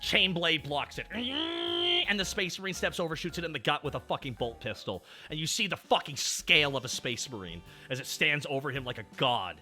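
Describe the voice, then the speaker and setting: A man's voice: on the high side, big pitch swings, moderate pace, hardly any pauses, soft background music. A man streaming as a VTuber, chatting casually and ranting with lots of swearing. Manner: ranting, swears a lot, loud bursts. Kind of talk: casual chat.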